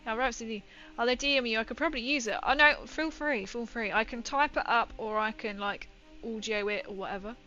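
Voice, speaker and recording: A woman's voice: a little high, brisk, pushed and bright, muffled recording. Chatty rambling woman streamer. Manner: chatty, rambling storytelling with many fillers. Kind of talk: casual chat while painting miniatures. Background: faint background music.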